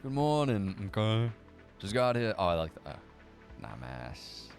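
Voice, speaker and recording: Low-voiced male streamer, loose and profane, riffing on chat with faint background music. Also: very animated. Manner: profane, sarcastic, fast banter. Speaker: livestream host reading viewer chat. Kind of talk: casual live chat.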